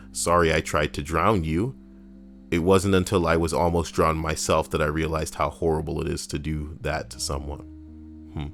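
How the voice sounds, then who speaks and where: Very deep-voiced male streamer, reads stories aloud, cuts in with blunt, foul-mouthed commentary. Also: gravelly. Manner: blunt, profane asides.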